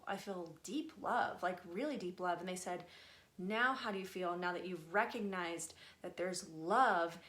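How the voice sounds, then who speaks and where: A woman's voice: mid-range voice, fairly bright tone, reverberant. A woman speaking casually and earnestly, passing on messages from her spiritual guides and swearing now and then. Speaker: spiritual channeler. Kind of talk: casual channeling talk.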